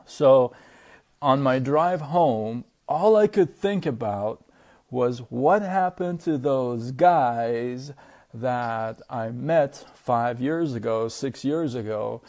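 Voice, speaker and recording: A man with a gravelly edge to his voice tells a personal story straight to camera. He talks in a loose, chatty way, stacking fillers and checking in with his viewers. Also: medium pitch, lively intonation, slow pace, a little mellow. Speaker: vlogger.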